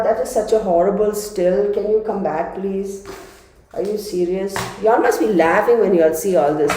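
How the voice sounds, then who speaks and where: A congested woman giving a casual tarot reading, chatty and dramatic. Her voice is mellow and dark. It rings out in a very echoey room. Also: medium pitch. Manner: chatty and dramatic, addresses viewers as y'all. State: congested from a cold. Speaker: tarot reader.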